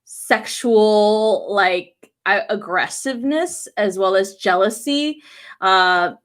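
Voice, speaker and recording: A woman's voice: mid-range voice, takes it slowly. A woman reading weekly astrology transits, talking bluntly to her viewers with lots of swearing and frequent laughter. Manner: animated, talks directly to viewers. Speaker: astrology and tarot reader. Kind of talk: casual weekly astrology forecast.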